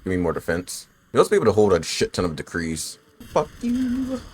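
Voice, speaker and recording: A man's voice: deep voice, sing-song, quick pace. A man in his twenties giving casual, profane commentary while he streams a game, chatting loosely with viewers and fighting the hiccups. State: has the hiccups. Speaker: gaming streamer.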